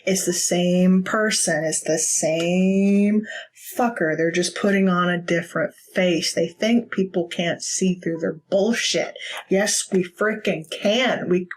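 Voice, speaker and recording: A woman reading tarot cards in a casual, unscripted way, with a husky voice and a slow pace. She is blunt and profane, and laughs often between her points. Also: fairly low pitch, rough recording. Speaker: tarot reader.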